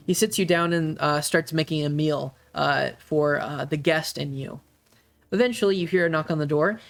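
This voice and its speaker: A man narrating a tabletop game as game master, halting often with fillers. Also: a little high, vocal fry, a bit bright.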